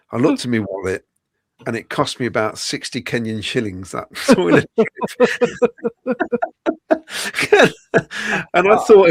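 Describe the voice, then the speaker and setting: A man's voice: on the low side, no room sound, studio quality. A middle-aged man hosting a podcast, telling a story in casual chat and laughing often mid-sentence. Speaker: podcast host.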